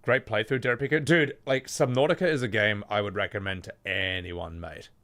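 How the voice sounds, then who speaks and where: A man streaming live, arguing with an AI chatbot, excitable and quick to shout with laughter and swear. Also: lowish voice.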